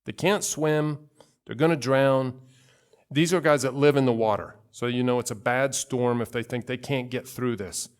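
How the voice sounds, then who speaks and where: A man's voice: medium pitch, fairly even intonation, moderate pace, smooth. A male pastor giving a conversational sermon, telling personal stories with asides and acting out quoted voices.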